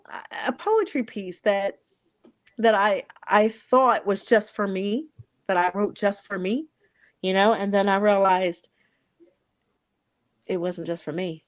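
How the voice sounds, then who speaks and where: A woman's voice: medium pitch, unhurried, pauses often, no echo. A woman in her forties hosting a talk, telling a personal story in an earnest, reflective way with many restarts. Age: 40s. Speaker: host. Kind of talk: heartfelt conversational storytelling.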